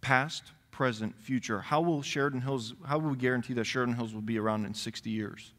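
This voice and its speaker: Man preaching in a reverberant church. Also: mid-range voice. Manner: expressive preaching, reading scripture aloud and pausing on key words. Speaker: pastor. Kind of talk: sermon. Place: church sanctuary. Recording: long reverb of a church hall.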